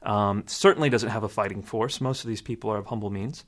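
Man, lowish voice, measured, explanatory interview guest. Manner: measured, explanatory, quotes sources at length. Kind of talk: interview answer.

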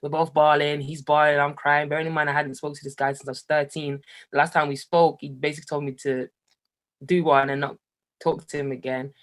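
Young man, from Jamaica, candid storytelling, lively delivery. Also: on the high side, brisk. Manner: animated, laughs often, voice rises when excited. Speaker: guest, musician.

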